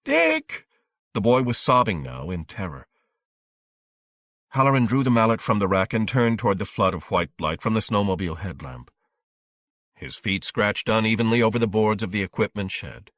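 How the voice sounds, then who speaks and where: A man reading a horror audiobook in a measured, dramatic storytelling manner. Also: fairly low pitch, animated, fairly bright tone, no room sound, clean studio sound. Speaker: audiobook narrator. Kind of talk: scripted audiobook narration.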